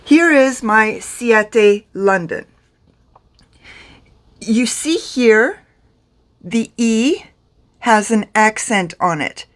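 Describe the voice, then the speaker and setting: A woman's voice: a little high, lively intonation, drawn-out words, pauses often. A middle-aged woman from France teaching pronunciation to camera in a chatty, self-deprecating way. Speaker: beauty vlogger teaching pronunciation.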